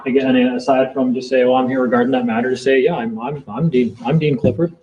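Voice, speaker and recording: A man's voice: mid-range voice, steady tone, fast, highs cut off, crowd noise. A man giving a casual talk to a small group, rambling and repeating himself as he acts out exchanges in court. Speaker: seminar speaker.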